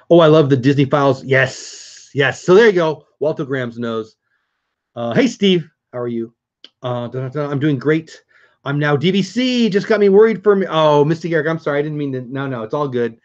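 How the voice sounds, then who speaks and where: A man's voice: medium pitch, lively intonation, normal speed, a little mellow, lo-fi sound. A middle-aged man hosting a casual live stream, chatting upbeat with viewers and answering their comments.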